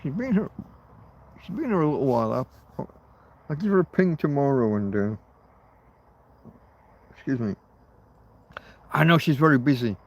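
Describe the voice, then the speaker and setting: A man's voice: mid-range voice, expressive, moderate pace, long pauses, slightly rough. Rambling middle-aged man musing aloud. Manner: rambling, muses aloud and swears casually. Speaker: livestream host. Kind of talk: rambling casual livestream chat.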